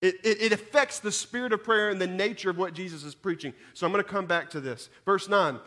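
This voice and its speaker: A man, preaching a sermon that moves between scripture reading, prayer and lively storytelling, often repeating words as he goes. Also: a little fast, hardly any pauses. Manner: animated storyteller, repeats words, rises in pitch and volume at dramatic moments. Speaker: pastor.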